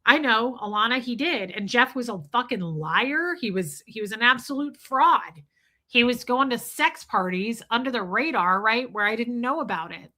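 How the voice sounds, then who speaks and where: Woman, bright and forceful voice, blunt, swears freely, casual livestream chat. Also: fairly high pitch, animated, moderate pace. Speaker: livestream host.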